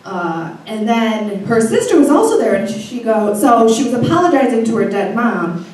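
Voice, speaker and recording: A woman's voice: on the high side, big pitch swings, normal speed, darkish tone. A young woman telling a funny, profane personal story to a live audience, laughing as she goes. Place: live stage before an audience. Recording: echoey hall from far off, faint noise.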